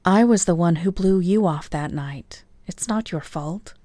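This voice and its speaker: A woman's voice: on the low side, a little slow, mellow, no echo, natural voice. Woman doing a headstrong young female pack leader. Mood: earnest.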